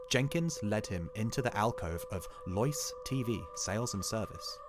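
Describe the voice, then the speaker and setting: A man narrating a short story in a measured, dramatic reading, over background music. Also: lowish voice, animated.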